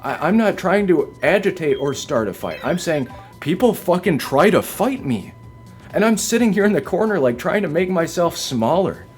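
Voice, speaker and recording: A man's voice: high-pitched, very animated, normal speed, faint music behind. Upset, swearing male streamer venting. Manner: agitated, defensive, heavy swearing and "like" fillers. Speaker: game streamer. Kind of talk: venting rant on a live stream. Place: home, by a window.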